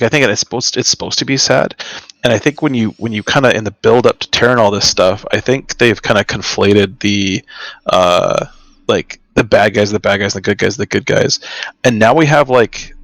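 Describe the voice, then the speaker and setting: A man with a low voice talks through his views on a podcast about books. He speaks haltingly, with plenty of fillers and restarts. The sound is close and dry. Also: a bit bright, no room sound, rough recording. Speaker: podcast co-host. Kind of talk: casual book discussion.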